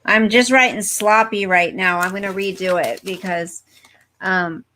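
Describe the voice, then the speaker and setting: A woman's voice: mid-range voice, steady tone, measured pace, bright, forceful tone, slight background noise. A woman hosting a casual livestream from home, chatting with viewers and reading their comments aloud. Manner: chatty, talks straight to viewers, easily distracted. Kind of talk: casual live chat. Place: at home, fireworks outside.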